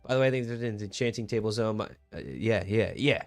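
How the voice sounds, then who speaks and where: Laid-back young man, low dry voice. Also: fairly quick, no room sound, faint music behind. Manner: laid-back, rambling, lots of "like" and restarts. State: hiccuping. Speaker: streamer. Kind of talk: casual gaming stream chat.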